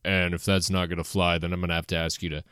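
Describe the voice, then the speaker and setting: A man playing a stern male restaurant manager with a forced deep voice in a comedy sketch. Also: little pitch movement, fast talker, a bit bright, clean tone, no room sound, clean studio sound. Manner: stiff, officious.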